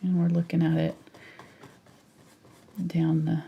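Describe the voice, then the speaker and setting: A woman teaching a live painting tutorial, chatty and thinking aloud as she works, sometimes dropping to a soft near-whisper. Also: low voice, monotone, slow pace, gravelly, breathy edge, dull audio. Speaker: painting instructor.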